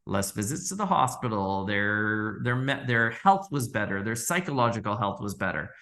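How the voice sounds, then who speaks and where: A man guest on a podcast interview, telling lively stories and acting out quoted dialogue with frequent laughs. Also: lowish voice, moderate pace. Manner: animated storyteller, acts out quoted dialogue, laughs often. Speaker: orthodontist guest.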